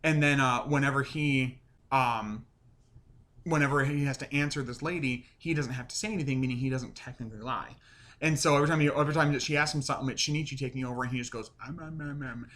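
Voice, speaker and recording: A man reviewing and recapping a TV episode in a casual, rambling way, full of fillers and animated retellings. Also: mid-range voice, quick pace. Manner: chatty, rambling with many "like" and "um" fillers; animated, acts out quoted lines. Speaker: show reviewer.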